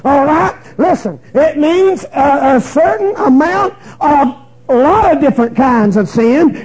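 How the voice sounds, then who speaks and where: A man preaching a sermon, impassioned and folksy, often shouting. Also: very high-pitched, poor audio.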